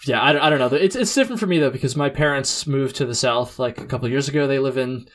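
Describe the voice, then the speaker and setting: A man's voice: medium pitch, fast talker. A young man from New England hosting a podcast, chatting in a laid-back way, saying dude and like a lot and laughing often. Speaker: podcast host. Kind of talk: casual chat.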